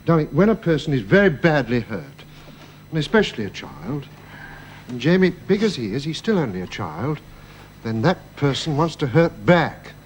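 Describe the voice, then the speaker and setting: Casting: middle-aged father, gentle and soothing, stumbles over words, slightly high voice. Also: sing-song, moderate pace, slight background noise. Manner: soothing, with hesitant restarts. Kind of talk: radio drama acting.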